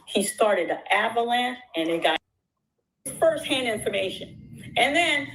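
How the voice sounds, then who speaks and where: A woman's voice: fairly high pitch, big pitch swings, unhurried, a bit bright, slight background noise, low-quality recording. A woman talking in an impassioned, casual way, emphatic and rambling, repeating phrases and restarting her sentences. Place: out at dinner with supporters.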